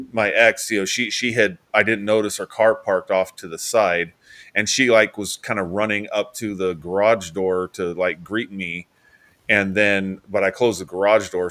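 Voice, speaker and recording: A man's voice: lowish voice, a bit bright, no echo. A man hosting a podcast, telling a story in a rambling, self-correcting way. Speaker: podcast host. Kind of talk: casual storytelling chat.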